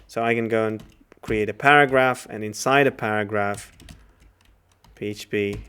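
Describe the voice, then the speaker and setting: A man teaches a programming lecture as he codes live, talking his way through each step. His voice sits on the low side and comes across smooth and clear. He fills pauses with small hesitations and corrects himself as he goes, with keyboard typing heard behind him. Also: steady tone, sharp tone. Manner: thinks aloud while typing code, many fillers and self-corrections.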